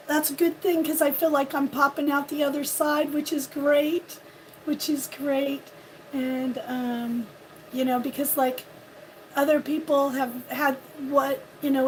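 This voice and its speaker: A woman hosting a casual morning live stream, hoarse and losing her voice from a cold, chatting and laughing at how she sounds while greeting viewers by name. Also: high voice, a little hiss or hum. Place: home on a windy ridge.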